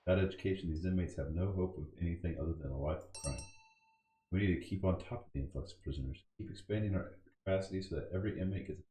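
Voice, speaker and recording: A man's voice: low voice, racing, dark tone. A man commenting casually on a computer game as he plays, thinking aloud, reading game text and cussing when annoyed. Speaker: gaming channel host. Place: home room at a computer. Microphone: boom mic. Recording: echoey room with game music.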